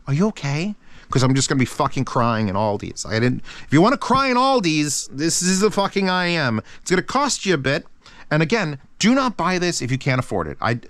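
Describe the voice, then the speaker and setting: A man hosting a casual review channel, talking in an excitable, rambling way with lots of swearing. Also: medium pitch, no room sound.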